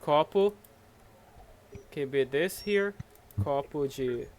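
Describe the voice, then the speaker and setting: A Brazilian man teaches Portuguese online, speaking English with a Brazilian accent in a slow, animated, slightly high voice with a darkish tone. He explains patiently and often checks in with "okay?", on a low-quality recording with a little hiss or hum.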